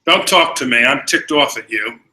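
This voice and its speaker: A man's voice: medium pitch, animated, moderate pace, pushed and bright, poor audio. A man voicing a brash, indignant young male college student in a retold classroom story. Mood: annoyed.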